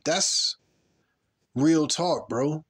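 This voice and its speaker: A man's voice: fairly high pitch, drawn-out words, fairly bright tone. A man giving his opinions in a rambling, emphatic casual monologue, full of slang. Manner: rambling, emphatic, slangy, mocking put-on voices.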